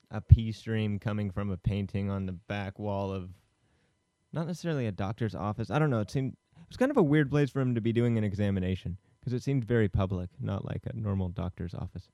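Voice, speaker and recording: A man's voice: lowish voice, a little fast, warm tone, no echo, clean studio sound. A man co-hosting a casual film podcast, retelling the plot in a rambling way with many fillers. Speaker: podcast co-host.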